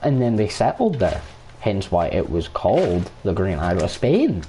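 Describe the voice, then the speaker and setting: An Irish man with a lowish, dark and mellow voice rants through casual gaming chat. He swears constantly and keeps talking while he plays, with a faint hiss of noise under him. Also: very animated, moderate pace. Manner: profane, ranting, talks over gameplay. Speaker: streamer.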